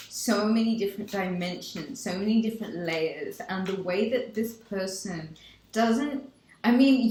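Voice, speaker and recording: A woman gives a tarot reading in an unhurried, drawn-out delivery, gushing over each point and repeating her affirmations. Her voice carries a noticeable room echo, with a faint hiss underneath. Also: mid-range voice, darkish tone. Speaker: tarot reader. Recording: echoey room.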